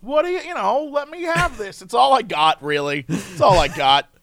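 Casting: high-pitched excitable guy, rambling podcast co-host, dry mic. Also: moderate pace, vocal fry, no echo. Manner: excitable, rambling, laughs often. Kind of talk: casual chat.

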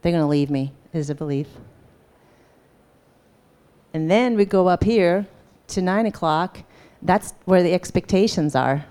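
A woman's voice: fairly low pitch, unhurried, pauses often. A woman teaching a live class in a conversational way, often checking in with her listeners and acting out bits of dialogue. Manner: animated, acts out quoted dialogue. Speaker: workshop teacher.

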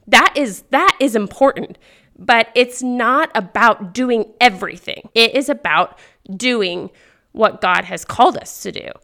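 A woman's voice: a little high, unhurried. A woman hosting a faith-based podcast monologue. She talks earnestly and with energy, firing off rhetorical questions. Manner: animated, full of rhetorical questions; earnest and encouraging. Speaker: podcast host.

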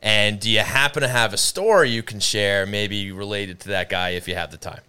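Bright clear-voiced podcast host. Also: male voice, on the low side, moderate pace. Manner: hesitant, filler-heavy questions, laughs easily. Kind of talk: casual interview.

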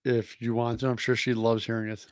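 A man's voice: mid-range voice, little pitch movement, a little fast, no room sound. A man co-hosting a casual podcast, tossing in short, wry interjections.

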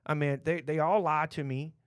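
Blunt Texan man, fairly high voice. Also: fairly even intonation, moderate pace, no room sound. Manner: blunt, rambling, with many restarts. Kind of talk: casual opinionated chat.

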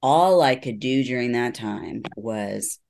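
A woman's voice: rumbling low, lively intonation, slow, gravelly, a little mellow. Earnest woman telling her story. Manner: earnest storytelling, acts out quoted dialogue. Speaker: guest, neuropsychologist. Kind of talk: personal testimony in interview.

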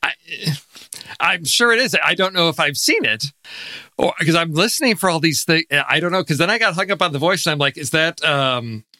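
A man's voice: on the high side, animated, fairly quick, pushed and bright, no echo. A man co-hosting a movie podcast in casual chat, who rambles in a self-deprecating way. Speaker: podcast co-host.

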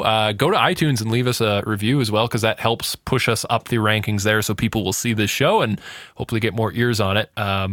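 A man co-hosting a podcast in casual chat, relaxed and rambling, swearing often. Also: on the low side, no room sound, clean studio sound. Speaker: podcast co-host.

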